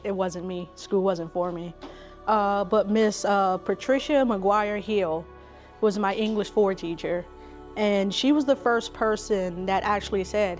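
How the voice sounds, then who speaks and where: A woman, a school counselor telling stories in an interview in a relaxed, conversational way with many fillers. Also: mid-range voice. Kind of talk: interview storytelling.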